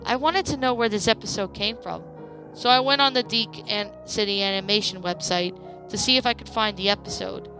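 A woman narrating a creepypasta story in a plain, steady reading voice. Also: medium pitch, fairly quick, over music.

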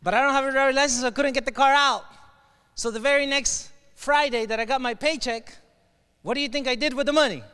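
Man with a mexican accent giving a keynote, real high bright voice, telling stories and quizzing the crowd, long hall echo. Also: quick pace, clean tone. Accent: Mexican Spanish. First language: Spanish. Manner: animated storyteller, asks the crowd questions, slips into Spanish. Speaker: motivational keynote speaker. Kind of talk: storytelling keynote speech. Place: large hall with an audience.

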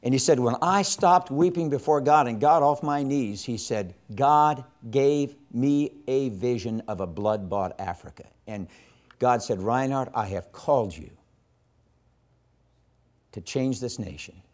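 A man teaching a session on evangelism in a sermon style, telling a story with strong emphasis and dropping to hushed tones when quoting. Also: medium pitch, unhurried. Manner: impassioned, swings from loud emphasis to hushed quoting.

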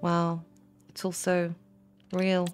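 A woman's voice: lowish voice, monotone, slow. A woman streamer giving casual, gushing commentary while playing a game, often exclaiming. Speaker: gaming streamer. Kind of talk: casual let's-play commentary. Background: faint game music.

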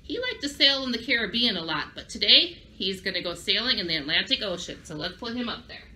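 Woman, children's librarian, upbeat, talks straight to kids, very bright tone, faint background noise. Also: mid-range voice, animated, a little fast. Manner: upbeat, speaks directly to young children. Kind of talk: children's craft and story lesson.

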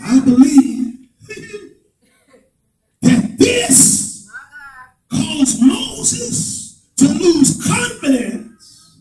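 High-pitched preacher shouting in a roomy hall. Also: male voice, big pitch swings, drawn-out words, long pauses, distant mic. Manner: preaching in swelling shouts, then dropping to low asides; repetitive call-and-response cadence. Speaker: pastor. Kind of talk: sermon.

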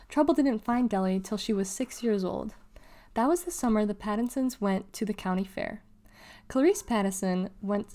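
Woman, mid-pitched, reads a children's novel aloud with measured, expressive delivery. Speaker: reader of children's books.

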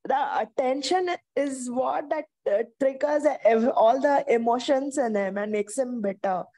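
A woman with a high voice adds a point to the discussion and then asks a thoughtful question. She speaks at an even pace. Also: unhurried. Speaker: participant asking a question.

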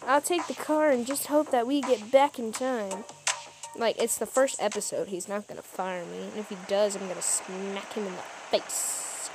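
A woman's voice: medium pitch, steady tone, normal speed. A woman playing a story game, reading its dialogue aloud and making chatty, giggly asides to her viewers. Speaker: game player. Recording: music playing underneath.

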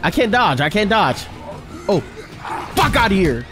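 Young gamer dude hyping his own playthrough, loud and excitable, high jumpy voice, game music behind. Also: a little slow, pauses often. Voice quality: loud, excitable, trash-talking. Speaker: gaming video host. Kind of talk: excited let's-play commentary. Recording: game soundtrack playing behind.

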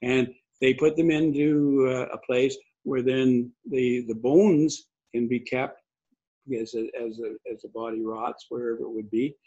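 An older man giving a conversational sermon, husky, rambling and restarting often. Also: medium pitch, steady tone, measured pace, warm tone. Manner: rambling, many restarts and fillers. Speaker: pastor. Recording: dull lo-fi recording.

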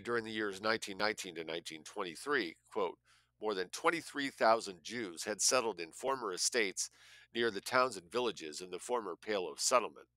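A man's voice: fairly low pitch, bright, forceful tone, no room sound. A man reading a nonfiction book aloud, spelling out words letter by letter and adding blunt asides of his own. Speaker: audiobook reader.

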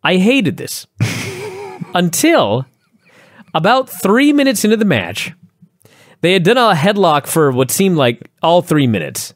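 A man co-hosting a wrestling review podcast, talking in an excitable, enthusiastic way and swearing freely. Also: sits high, dry recording, studio quality. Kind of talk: casual chat.

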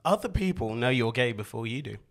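A man with a posh English accent, hosting a podcast in relaxed, chatty conversation. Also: mid-range voice, a little fast. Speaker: podcast host.

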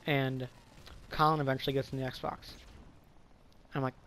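A man's voice: medium pitch, little pitch movement, moderate pace, fairly bright tone, slight background noise. A man casually telling a story from his school days, rambling with lots of fillers, swearing, and frequent stumbles and restarts. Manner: rambling, filler-heavy, profane. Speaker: vlogger.

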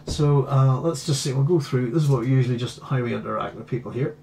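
A man's voice: mid-range voice, fairly even intonation, quick pace, gravelly, warm tone, a little hiss or hum. A man with a Northern Irish accent hosting a live stream, chatting casually and reading viewer comments aloud. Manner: chatty, reads viewer comments aloud and hums between them. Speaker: host.

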